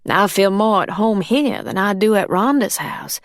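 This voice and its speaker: A woman's voice: mid-range voice, animated, moderate pace, dry recording, clean studio sound, voice pushed up, lightly acted. A woman voicing a loyal older housekeeper who speaks deferentially in dialect grammar. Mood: pleading.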